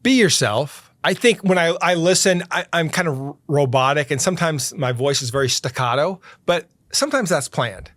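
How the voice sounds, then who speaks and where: A middle-aged man, a podcast host, answering interview questions in an earnest, emphatic way and slowing down to stress his key points. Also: on the high side, expressive, fairly bright tone, dry recording.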